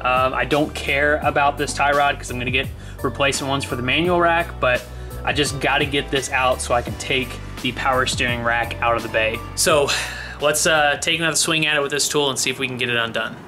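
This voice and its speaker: A man's voice: medium pitch, fairly even intonation, a little fast, music in the background. A man vlogging from his garage workshop, talking straight to viewers in an exasperated, casual way. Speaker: car project vlogger.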